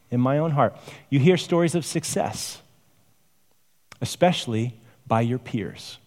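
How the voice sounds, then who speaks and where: A man's voice: mid-range voice, a little mellow, long reverb tail. A male pastor preaching a conversational sermon, asking rhetorical questions and sighing in asides.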